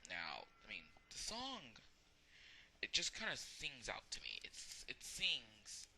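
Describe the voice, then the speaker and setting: A man reviewing a song in a casual, rambling way, often pausing to search for words. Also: mid-range voice, wildly swooping pitch, pushed and bright, in a whisper.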